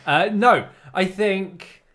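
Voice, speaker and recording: A man's voice: sits high, extremely slow, fairly bright tone, a little hiss or hum. A man co-hosting a podcast, teasing his friend in casual banter. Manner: teasing, dry. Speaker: podcast co-host.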